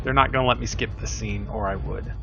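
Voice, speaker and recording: An older man hosts a let's play, offering rambling, self-deprecating, casual commentary packed with fillers. His mid-range voice is steady in tone and quick in pace. The lo-fi recording is slightly dull, with faint music.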